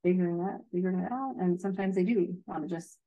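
Gentle, low-voiced childhood educator. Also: female voice, fast, narrow, tinny audio. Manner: thoughtful, gentle, hedging with fillers. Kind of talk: casual advice chat.

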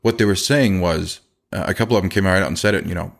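Deep-voiced man, candid podcast monologue. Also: gravelly. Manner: earnest, self-deprecating, repeats phrases, quick restarts. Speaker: podcast host, chimney business owner.

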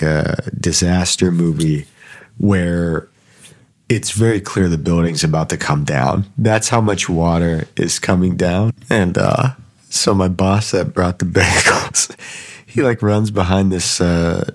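A man telling a casual spoken anecdote, swearing freely and full of fillers, getting animated when he quotes others. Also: low-pitched, slow pace. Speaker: storyteller recounting a workplace mishap.

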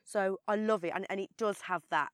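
Birmingham-accented actress chatting. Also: female voice, medium pitch, steady tone, brisk, no room sound, clean studio sound. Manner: chatty, many fillers and restarts. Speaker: actress, guest. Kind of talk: casual interview chat.

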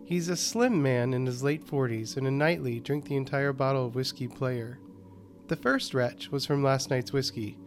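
A man hosting a horror podcast and narrating a scripted short story in a calm, even delivery. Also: mid-range voice, a little hiss or hum.

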